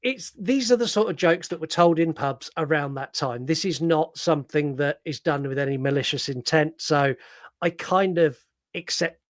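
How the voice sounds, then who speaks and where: A man with a London accent co-hosting a film podcast, retelling scenes with lively acted-out quotes and casual swearing. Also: on the high side, moderate pace, dry recording, clean studio sound. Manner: animated storyteller, acts out quotes, swears casually. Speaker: podcast co-host. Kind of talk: casual film review chat.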